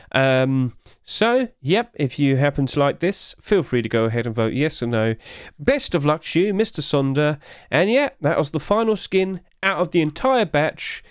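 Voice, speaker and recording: A man hosting a casual game skin review video, talking in a hurried, rapid-fire way and out of breath. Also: on the high side, clear, resonant tone, dry recording, clean studio sound. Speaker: YouTube host.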